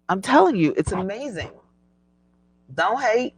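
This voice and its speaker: A middle-aged woman hosting a casual live stream, chatty and animated, laughing often as she reads viewer comments. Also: low-pitched, a little slow, dry recording, poor audio. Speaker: livestream host.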